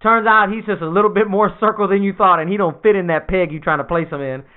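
A man's voice: high-pitched, steady tone, fast talker, smooth. A young man in casual chat, slangy and laid-back, swearing freely, recovering from surgery. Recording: tinny lo-fi phone-like sound.

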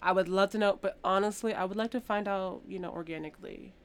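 A woman's voice: medium pitch, steady tone, fast talker, clean tone. A woman co-hosting a podcast in casual chat, trailing off with fillers and correcting herself as she goes. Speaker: podcast co-host.

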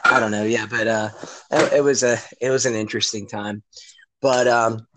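A man's voice: on the low side, fairly even intonation, moderate pace, background noise. Guy hosting a podcast, rambles a lot, swears, lots of ums and restarts. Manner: rambling, profane, many fillers and restarts. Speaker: podcast host. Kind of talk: casual chat.

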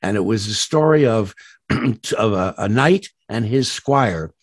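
Give me an animated man spinning rambling anecdotes, dry close sound. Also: lowish voice, a little slow, no echo. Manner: rambling, many fillers and restarts; animated, laughs at his own stories. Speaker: voice actor guest. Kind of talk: storytelling interview anecdotes.

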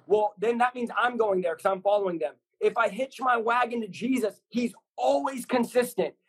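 Fervent husky-voiced man preaching. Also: sits high, moderate pace, low-quality recording. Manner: intense, repetitive, builds lists of short punchy lines. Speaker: guest preacher. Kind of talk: fervent preaching in a podcast conversation.

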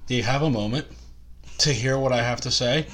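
A man's voice: mid-range voice, brisk, fairly bright tone, slight background noise. A man co-hosting a casual comedy podcast, telling rambling, crude stories. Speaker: podcast co-host.

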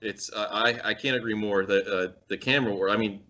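Animated guy, bright voice, swears a lot, says like constantly, muffled audio. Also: on the low side, a little fast. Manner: animated, swears freely, many likes. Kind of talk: casual movie review chat. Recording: dull lo-fi sound.

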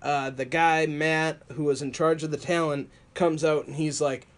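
A man casually telling wrestling stories on a podcast, animated and laughing often. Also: a little high, normal speed. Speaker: podcast co-host.

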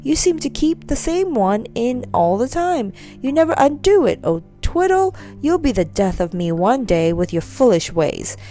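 A woman voicing a brisk, practical wife who scolds her husband sharply. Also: a little high, big pitch swings, warm tone, faint music behind. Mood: teasing.

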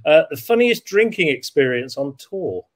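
A man's voice: fairly high pitch, sing-song, normal speed. Hesitant male podcast host. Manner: hesitant, stammering questions. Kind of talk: casual interview.

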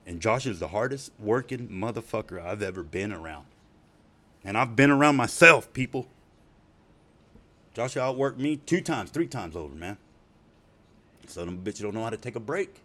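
A man's voice: fairly low pitch, animated, normal speed, long pauses, bright, forceful tone, slight background noise. A middle-aged man telling casual, profane stories, rambling and laughing often. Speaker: storyteller. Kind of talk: casual spoken storytelling.

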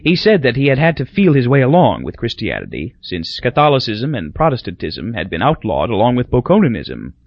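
Man narrating with a very lively voice. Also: mid-range voice, brisk, hardly any pauses, no room sound. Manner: expressive, storytelling. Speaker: audiobook narrator. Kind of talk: scripted narration. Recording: dull dry lo-fi recording.

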